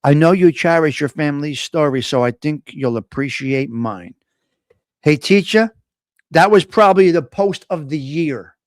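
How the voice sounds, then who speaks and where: A man's voice: a little high, unhurried, dry recording, studio quality. A man hosting a casual live stream, chatting with viewers, teasing them and reading their comments aloud. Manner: chatty, laughs often, teasing, ad-libs.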